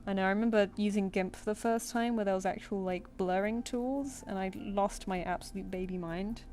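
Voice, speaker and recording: A woman's voice: medium pitch, steady tone, moderate pace, a little mellow. A woman streaming while she draws, thinking aloud and answering her viewers in casual chat. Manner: chatty, thinks aloud, reads chat comments and answers them. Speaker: streamer drawing live.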